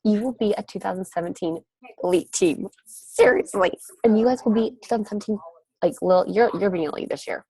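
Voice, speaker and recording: A woman's voice: mid-range voice, mellow, poor audio. A woman coach giving an upbeat, gushing motivational pep talk to her team on a group call. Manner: upbeat, gushing, rapid encouragement. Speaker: network marketing coach leading a team call. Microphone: group call audio.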